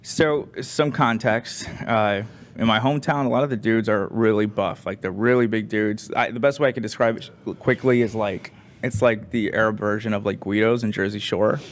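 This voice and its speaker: A young man on a show's crew telling a rambling story in a casual, animated way, with lots of fillers. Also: lowish voice, moderate pace. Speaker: crew member.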